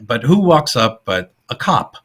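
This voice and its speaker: Middle-aged male podcast co-host, bright and husky, lively storyteller. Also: medium pitch, measured pace. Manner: animated retelling, acts out quoted lines in funny voices. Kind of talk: casual film discussion.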